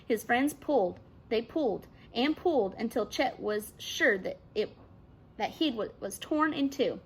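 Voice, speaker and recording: A woman's voice: a little high, a little slow, husky. Woman teacher reading a chapter book aloud. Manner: expressive read-aloud narration. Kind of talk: reading a children's novel aloud.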